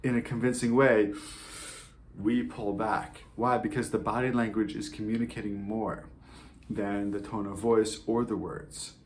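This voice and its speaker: A man's voice: fairly low pitch, little pitch movement, a little slow, a little hiss or hum. Man teaching, keeps asking "right?". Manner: explanatory, checks in with "right?" and "okay?"; acts out tones of voice in examples. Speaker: sales coach. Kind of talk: teaching a masterclass.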